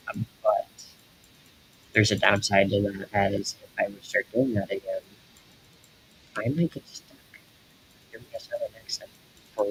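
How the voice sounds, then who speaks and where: A man streaming while he draws, chatting casually in a halting, rambling way full of fillers. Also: on the low side, a bit bright, slight background noise, low-quality recording. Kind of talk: casual live-stream chat while drawing.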